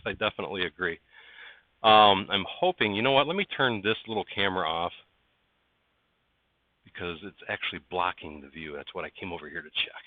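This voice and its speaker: A man's voice: low voice, a little fast, dry recording. A man hosting a casual livestream from his workshop, chatting with viewers by name while he works. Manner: chatty, greets viewers by name, coaxes parts while working. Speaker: livestream host. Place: workshop barn indoors. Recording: dry, tinny phone-like sound.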